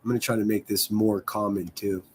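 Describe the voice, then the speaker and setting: A man's voice: on the low side, flat delivery, brisk, slight background noise. A man hosting a casual livestream, rambling and swearing freely as he chats with viewers. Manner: profane, rambling, self-deprecating. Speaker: livestream host.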